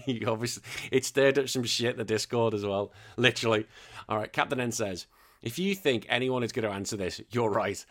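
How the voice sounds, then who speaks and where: A man hosts a podcast, reading listener messages in casual chat while joking, swearing, and laughing often. His voice has a medium pitch, a moderate pace, and a slightly bright tone.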